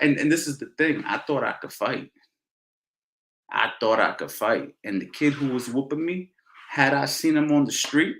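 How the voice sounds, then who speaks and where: A middle-aged man coaching boxing tells stories in a loose Q&A, talking in an animated, slangy way and hammering points by repeating them. His voice sits at an ordinary pitch. The sound carries a noticeable room echo. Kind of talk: casual Q&A storytelling. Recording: roomy echo.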